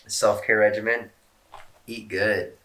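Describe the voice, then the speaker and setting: A man's voice: fairly low pitch, sharp tone. A man casually reading out fan questions and answering them in a rambling, laid-back way, swearing often and joking at his own expense. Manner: self-mocking jokes.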